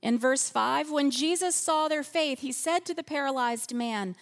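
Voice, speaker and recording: A woman preaching a sermon in a church, slow and earnest, softening her voice on repeated phrases. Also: sits high.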